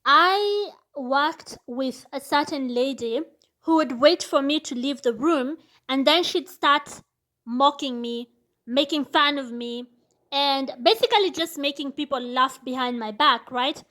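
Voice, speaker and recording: Young woman, bright high voice, earnest and reflective vlogger. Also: a little slow. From Kenya. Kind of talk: casual monologue.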